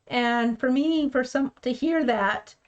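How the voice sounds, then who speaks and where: Slow, frank woman telling her story. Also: high voice, muffled recording. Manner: frank and plainspoken, acts out quoted speech. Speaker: keto vlogger. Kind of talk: personal storytelling.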